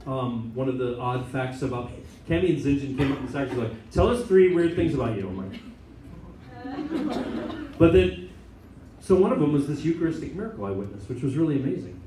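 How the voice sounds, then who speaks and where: An American man, a Catholic priest and chaplain, giving an informal talk to a student group and telling stories with lively asides. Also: medium pitch, brisk, pauses often, slight background noise. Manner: animated storytelling with many asides and laughs. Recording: echoey room, mic at a distance.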